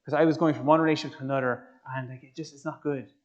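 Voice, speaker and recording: Animated man telling his story. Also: fairly high pitch, very fast. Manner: animated storyteller, addresses audience directly. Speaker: speaker. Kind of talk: personal testimony talk. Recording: slightly muffled recording.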